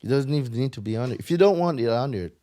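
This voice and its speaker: A man's voice: mid-range voice, expressive, rapid-fire, warm tone. A man with a Jamaican accent, a guest on a casual podcast, explaining credit repair in an emphatic, lecturing way and swearing freely.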